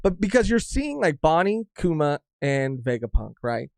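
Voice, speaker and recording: A man on a casual podcast talks through a manga chapter with animated enthusiasm. He swears offhandedly and restarts his sentences as he thinks. His voice sits fairly high for a man, recorded dry and close with no room sound. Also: moderate pace, gravelly, dry recording. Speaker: podcast co-host. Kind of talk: casual chat reviewing manga.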